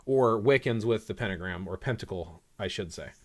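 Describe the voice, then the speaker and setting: A man's voice: lowish voice, expressive, moderate pace. A man hosting a livestream discussion, talking in an opinionated, conversational way and teasing his guest. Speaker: livestream host.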